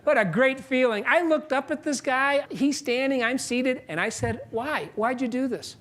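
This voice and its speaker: A man giving a motivational speech on stage, telling a story and acting out both sides of a conversation, with sudden drops to a hush and jumps to loud. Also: very high-pitched. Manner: animated storytelling, acts out dialogue, big swings between loud and quiet; asks the audience questions and pauses for punchlines. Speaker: keynote speaker and author. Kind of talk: motivational speech to a live audience. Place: stage before a large audience.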